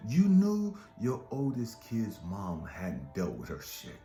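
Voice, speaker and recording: A man's voice: lowish voice, huge pitch swings, slow, dark tone. A man giving an impassioned motivational monologue as a life coach, swearing often and hammering repeated rhetorical questions. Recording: echoey room with faint music.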